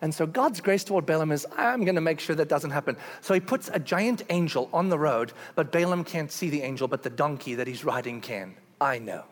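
A man preaching a sermon, telling a scripture story in a conversational, animated way and asking the listeners questions. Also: fairly high pitch, a little fast, few pauses. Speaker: pastor.

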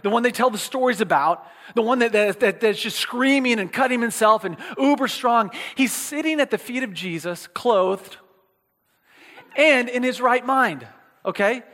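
A man's voice: extremely high pitch, moderate pace, sharp tone. A man preaching a casual, chatty sermon, often checking in with the listeners and restarting his words, with playful asides. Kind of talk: conversational sermon. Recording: long reverb of a hall.

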